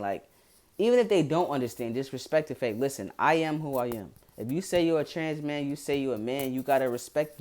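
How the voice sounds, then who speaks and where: A man's voice: medium pitch, darkish tone. A young man from Philadelphia with a Philadelphia accent, giving frank, blunt advice in a casual vlog and swearing freely as he talks to his viewers. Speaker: vlogger.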